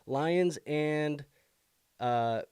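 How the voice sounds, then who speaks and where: A man's voice: a little high, very slow, a little mellow, clean tone, dry recording, clean studio sound. A young man hosting a live fantasy football stream, answering viewer questions casually with lots of fillers, bothered by the hiccups. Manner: casual, thinking aloud with many fillers. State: has the hiccups.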